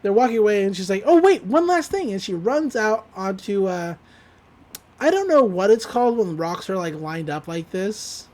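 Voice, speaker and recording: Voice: medium pitch, lively intonation, moderate pace, darkish tone. Rambling casual podcast recapper. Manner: rambling, quotes characters with "he's like"; frequent fillers, laughs while recounting. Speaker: podcast co-host recapping a cartoon episode. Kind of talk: casual chat.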